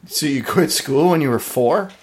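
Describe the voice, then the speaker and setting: A man's voice: fairly high pitch, animated, normal speed. A man, an actor guest on a podcast interview, answering in a dry, bemused way.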